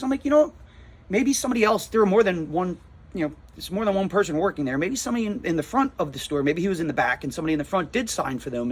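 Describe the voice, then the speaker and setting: A man's voice: sits high, breathy edge. A man with a New Jersey accent, a comic shop owner, telling a rattled, rambling story in a casual vlog, full of restarts and repeated words.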